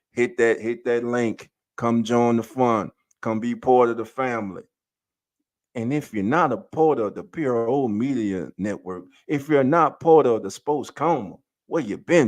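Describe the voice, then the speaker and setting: A man hosts a sports podcast live stream in a loose, excitable way. He greets viewers one by one and calls them family. His voice sits at an ordinary middle pitch. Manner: hypes up and greets chat viewers by name; loose, energetic, calls listeners family and baby. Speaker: podcast host.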